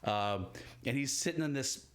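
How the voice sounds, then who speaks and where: A man's voice: medium pitch, moderate pace, a bit bright. A man narrating a live tabletop game as game master, rambling with many fillers.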